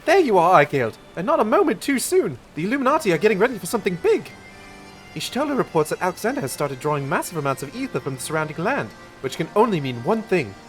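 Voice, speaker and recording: Wedge, a man doing an urgent young guy engineer with a pitched-up, bouncy voice that runs fast and loud, game dialogue read aloud. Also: very animated, soft background music.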